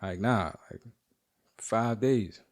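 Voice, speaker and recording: Male podcast host with a slightly low voice, loose and profane storytelling from home. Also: slow. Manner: animated, profane, rambling. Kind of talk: casual storytelling monologue.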